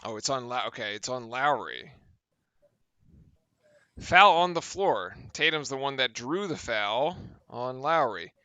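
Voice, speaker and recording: A man calling a basketball game play-by-play, with brisk, excited calls of the action. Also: mid-range voice, clear, resonant tone, no echo, lo-fi sound. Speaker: play-by-play commentator.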